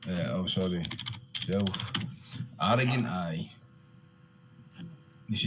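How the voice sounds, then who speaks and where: A man's voice: low-pitched, takes it slowly. A Scottish man explaining local slang in casual chat, blunt and sweary, often adding "you know what I mean". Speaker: interviewee. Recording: crowd noise behind.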